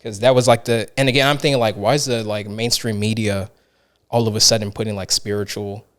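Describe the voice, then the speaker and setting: A man's voice: on the low side, fairly even intonation, a little fast, fairly bright tone, clean tone. Rambling casual podcast host, man. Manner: rambling storyteller, many "like" and restarts.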